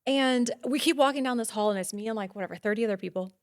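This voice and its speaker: Guest storyteller, woman in her 30s, lively, acts out quotes, slightly high voice, dry close mic. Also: quick pace, no room sound. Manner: animated, acts out quoted dialogue, gets loud and high when excited. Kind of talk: storytelling in a podcast interview.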